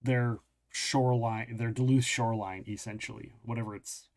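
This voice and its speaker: A male game master narrates a tabletop game at a mid pitch. He talks in a halting, casual way, restarting sentences and hunting for the right word. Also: steady tone, darkish tone. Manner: halting, many restarts, searches for words.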